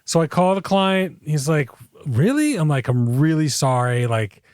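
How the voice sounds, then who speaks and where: A male podcast co-host tells a rambling complaint story with plenty of swearing, jumping into the voices of the people he quotes. His voice is smooth and a little high for a man. The close mic sounds dry. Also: lively intonation, moderate pace, a little mellow, dry recording. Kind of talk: casual chat. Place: South Florida.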